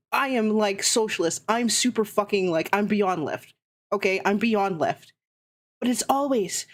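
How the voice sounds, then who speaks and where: A young woman streamer ranting heatedly and sarcastically in casual chat, swearing constantly. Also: on the high side.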